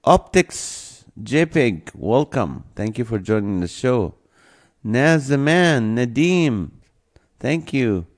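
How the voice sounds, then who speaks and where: A man's voice: mid-range voice, big pitch swings, slow pace. A man hosting a live stream, reading out viewer comments in a playful, easygoing way and laughing often. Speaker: livestream host. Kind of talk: casual live-stream chat. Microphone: phone or camera mic.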